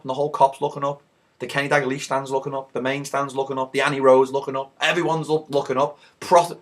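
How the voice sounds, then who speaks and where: A hoarse man with a Liverpool accent, recapping a football match in a rowdy, swearing storytelling way. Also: medium pitch. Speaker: football fan vlogger.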